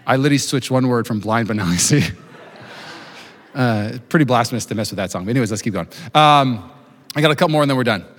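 Fast-talking, jokey pastor preaching in a reverberant hall. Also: male voice, mid-range voice, a bit bright. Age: 30s. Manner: fast-talking, jokey, self-deprecating asides. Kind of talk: sermon. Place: church auditorium with live congregation.

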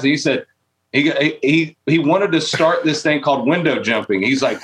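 A man's voice: on the high side, brisk, fairly bright tone, husky. A man in casual chat telling a rambling story and laughing as he goes.

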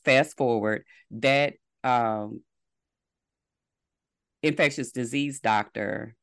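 A woman guest on a podcast, telling a personal story in a lively way and acting out the dialogue. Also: rumbling low, dry recording, clean studio sound. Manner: lively retelling with quoted dialogue.

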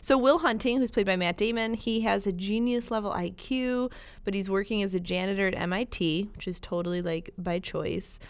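A woman's voice: mid-range voice, moderate pace, clean tone, no room sound. A woman co-hosting a podcast, chatting casually about movies and laughing easily. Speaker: podcast co-host.

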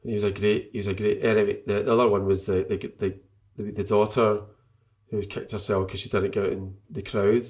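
A man's voice: lowish voice, level tone, a little fast, darkish tone. A man in casual chat about football, emotional and rambling, often trailing off and restarting.

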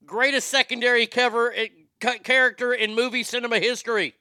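A man hosting a show, ranting in a profane, comedic way and swinging from shouting to muttering. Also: very high voice, steady tone, fairly quick, clear, resonant tone, dry recording, studio quality. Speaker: show host.

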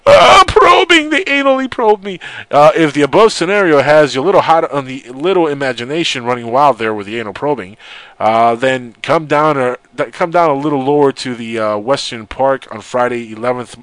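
A man's voice: medium pitch, fairly quick, dry recording. A man hosting a radio talk show, reading a news story aloud and mocking it with sarcastic asides. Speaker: radio host. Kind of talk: casual joking radio chat.

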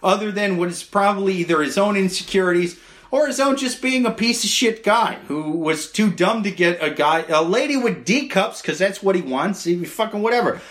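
A man with a notably high voice rants through a comedic advice podcast. He swears freely and talks emphatically. He sounds loose and casual. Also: lively intonation, normal speed, a bit bright. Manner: profane, emphatic ranting. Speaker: podcast co-host.

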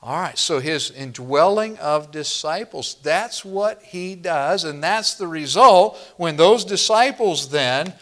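Man, pastor, sermon, slow teaching delivery, slightly high voice, quizzes the congregation. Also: animated, fairly bright tone. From northern Midwest US. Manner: teacherly, asks the congregation questions.

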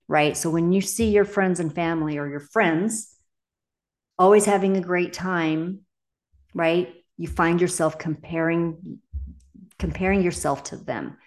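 Her voice sits low with a darkish tone: a middle-aged coach hosting a casual solo podcast, talking candidly and emphatically and cursing freely.

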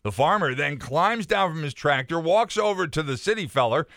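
A male morning radio co-host who chats and spins jokes with animated delivery. His pitch sits a bit high and moves a lot, and his tone is bright. The studio sound is dry and close. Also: normal speed, dry recording. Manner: animated, playful storyteller. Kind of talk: casual radio banter and joke telling. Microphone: studio microphone.

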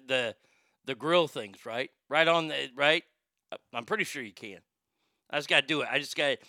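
A Texan man ranting casually about fast food, swearing a lot and stumbling over restarts. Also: on the high side, pushed and bright, no room sound, clean studio sound. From Texas. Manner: profane, rambling, stammering restarts. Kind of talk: casual rant.

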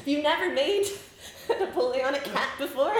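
Woman, twenties, giggly, rambling, animated, echoey room. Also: high voice, unhurried, slight background noise. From Scotland. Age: 20s. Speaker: comedian guest. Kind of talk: casual interview chat.

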